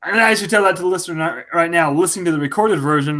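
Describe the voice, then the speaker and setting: A man's voice: high voice, lively intonation, fast, a bit bright. A man co-hosting a podcast in casual chat, laughing often through playful banter. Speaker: podcast co-host.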